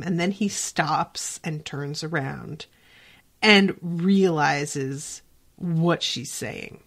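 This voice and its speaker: A woman hosting a podcast, recapping a TV episode in casual chat, animated and quick to swear. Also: low voice. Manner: animated, swears freely, lots of "like" fillers. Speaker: podcast host.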